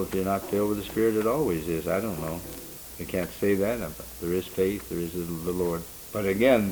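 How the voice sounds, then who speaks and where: Low-voiced man teaching a Bible study. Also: a little mellow, a little hiss or hum, rough recording. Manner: rambling, unhurried, with frequent restarts and fillers.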